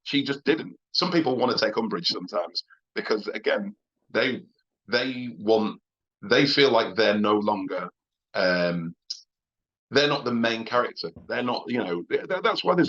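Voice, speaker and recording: A Northern English comedian from England, chatting as a podcast guest and telling blunt, sweary anecdotes with laughs between points and frequent restarts. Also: male voice, fairly low pitch, fairly bright tone, slightly rough, lo-fi sound. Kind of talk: casual interview storytelling.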